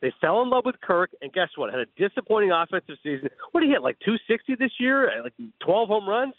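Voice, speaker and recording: A man calling in as a guest broadcaster, telling stories with enthusiastic, rapid energy. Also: sits high, very animated, dry recording, narrow, tinny audio. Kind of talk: call-in radio interview. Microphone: phone line.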